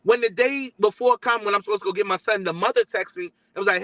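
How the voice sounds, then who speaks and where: A man tells his story fast, in a high, bright voice. He animates both sides of each conversation he recalls. The sound is dry and close. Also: no echo, rough recording. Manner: animated, acts out both sides of texts and talks. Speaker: guest father telling his story. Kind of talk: casual storytelling.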